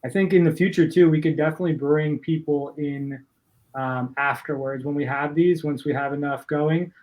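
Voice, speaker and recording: A man's voice: a little high, steady tone, normal speed, darkish tone, rough recording. A man co-hosting a casual podcast chat, earnest and enthusiastic, rambling a bit. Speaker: podcast co-host.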